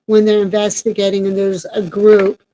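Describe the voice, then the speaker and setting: A woman talks in a loose, rambling way, full of ums and restarts. Her voice is mellow and dark, set at an ordinary pitch for a woman. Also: monotone, moderate pace, slight background noise, rough recording. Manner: chatty, rambling with many fillers. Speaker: paranormal team member and co-host. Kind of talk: casual announcement chat.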